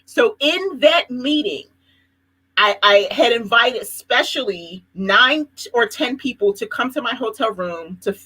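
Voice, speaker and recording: Husky Philly woman telling stories. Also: fairly high pitch, measured pace, low-quality recording. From Philadelphia. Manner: animated storytelling, laughs often. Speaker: host. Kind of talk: casual live chat.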